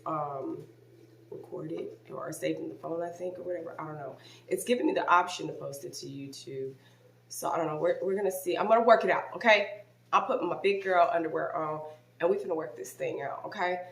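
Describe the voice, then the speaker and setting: A woman vlogger talking casually to her viewers, telling a story in an animated, expressive way with frequent exclamations. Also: deep voice, creaky, slight background noise. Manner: talks straight to viewers, informal. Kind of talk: casual chat to camera. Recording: roomy echo.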